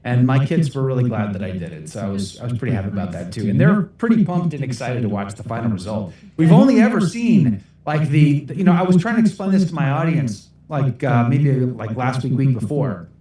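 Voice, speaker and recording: A man's voice: mid-range voice, expressive, a little fast, few pauses, dark tone, heavy reverb, far from the mic. A middle-aged American man answering livestream questions in a rambling, self-deprecating way, laughing often. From United States. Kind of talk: casual livestream Q&A.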